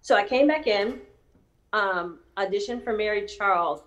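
A woman's voice: mid-range voice, normal speed, muffled recording. An actress chatting casually, telling a story and acting out the voices of people she quotes. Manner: animated, acts out quoted voices.

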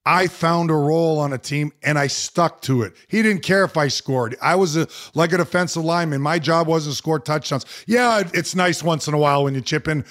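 Former pro athlete guest, man in his forties, fairly high voice, lively storyteller with frequent restarts. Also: a little fast, few pauses. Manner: animated anecdote, quoting others, repeated restarts. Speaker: retired hockey player, guest. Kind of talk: storytelling in a casual interview.

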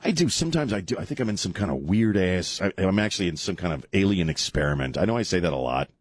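A man's voice: low-pitched, animated, quick pace, husky, no echo. A middle-aged man hosting talk radio, rambling and joking, laughing often as he riffs. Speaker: radio talk show host. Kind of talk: casual comedic talk radio.

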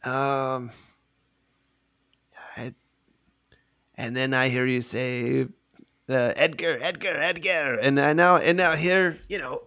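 A man voicing a confused, newly dead male specter in a tabletop role-play, with a put-on Russian accent, halting and stammering as if lost. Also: mid-range voice, fairly even intonation, pushed and bright. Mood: bewildered.

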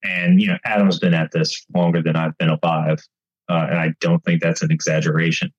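A man with a very low, husky voice tells bike racing stories in a casual, animated way. The sound is slightly dull and muffled. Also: brisk. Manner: animated, acts out race chatter. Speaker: bike racing guest commentator. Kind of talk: casual storytelling.

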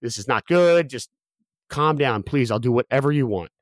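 A man's voice: medium pitch, lively intonation, normal speed, close to an everyday voice. A man quoting his anxious father, who repeats himself and pleads. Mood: pleading. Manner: repetitive, pleading.

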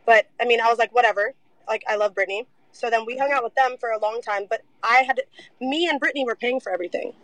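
A young woman telling her story in a casual interview, animated, saying "like" a lot and swearing freely. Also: a little high, no echo, low-quality recording.

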